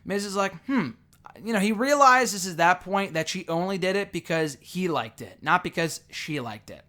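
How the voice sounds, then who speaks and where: Male reviewer, young adult, slightly higher-pitched voice, loose off-the-cuff recap with lots of ums and restarts. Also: animated, moderate pace, bright, forceful tone. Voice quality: rambling, frequent fillers and self-corrections. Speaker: show reviewer. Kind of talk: casual recap monologue.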